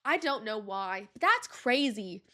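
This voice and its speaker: A young woman hosting a podcast, telling a story in an animated, slangy way with lots of fillers. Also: on the high side, a little slow. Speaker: podcast host. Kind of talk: casual storytelling monologue.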